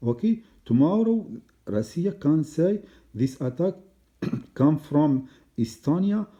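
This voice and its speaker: A man giving a halting solo commentary in non-native English, full of fillers and restarts, on a dull lo-fi recording. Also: fairly high pitch, lively intonation, warm tone. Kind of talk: hesitant solo monologue.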